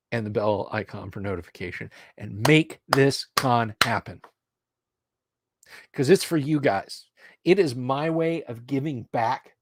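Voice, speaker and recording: Middle-aged male streamer, hype-building ramble, slow delivery, dry close mic. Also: mid-range voice, no echo. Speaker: livestream host. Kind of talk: casual livestream chat.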